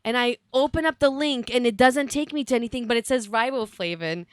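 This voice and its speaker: A woman's voice: on the high side, clean tone, no echo, clean studio sound. Giggly, teasing woman on a podcast. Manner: giggly, teasing, quick to laugh. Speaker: podcast co-host. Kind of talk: casual chat.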